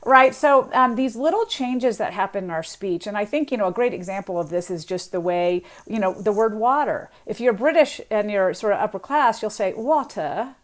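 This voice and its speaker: A woman's voice: medium pitch, moderate pace, hardly any pauses. Chatty woman linguist explaining accents. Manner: chatty, explanatory, imitates accents, laughs lightly. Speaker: linguist guest author. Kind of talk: radio interview explanation.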